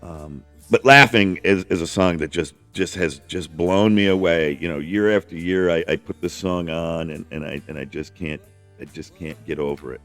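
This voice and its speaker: A man's voice: deep voice, normal speed, fairly bright tone. A man hosting a casual music podcast, rambling enthusiastically with lots of restarts and the odd swear. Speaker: podcast host.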